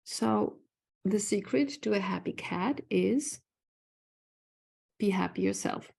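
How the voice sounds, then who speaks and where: A woman's voice: mid-range voice, slow pace, creaky, darkish tone, slightly rough. A woman who works as an animal communicator gives an earnest live online talk, reading from the chat and often asking "right?". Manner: earnest, repeats phrases, often asks "right?".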